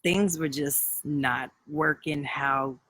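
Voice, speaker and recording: A man's voice: fairly high pitch, fairly even intonation, takes it slowly, sharp tone, no room sound, poor audio. A man around thirty talking candidly on a live video, rambling through a personal story with many fillers and restarts. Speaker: livestream host.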